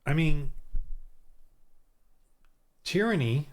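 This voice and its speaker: A man's voice: on the high side, lively intonation, a little mellow. A man thinking aloud as he rolls dice and builds town characters for a tabletop game, muttering and restarting often. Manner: muttering to himself, halting, many restarts. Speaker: solo tabletop game designer.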